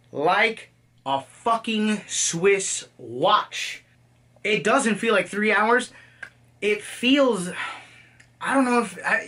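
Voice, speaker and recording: A man with a high, bright, forceful voice rants casually about a movie he just saw, swearing freely and jumping into goofy impressions of the characters. He sits a little back from the mic, so his voice has some distance. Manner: animated, profane, acts out quotes in silly voices. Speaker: movie reviewer. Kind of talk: casual movie reaction rant.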